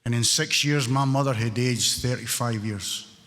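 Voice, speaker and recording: A man's voice: medium pitch, normal speed, pushed and bright. A man in his sixties with a Glaswegian Scottish accent, sharing his story at a recovery meeting with wry, joking humor. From Scotland. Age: 60s. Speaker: AA meeting speaker. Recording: reverberant hall.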